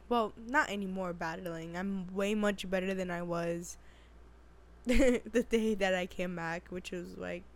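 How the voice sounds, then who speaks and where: Sick and sounding raspy, a woman of medium pitch hosts her own podcast in a chatty, rambling way. Casual and frequently laughing, she second-guesses herself as she goes.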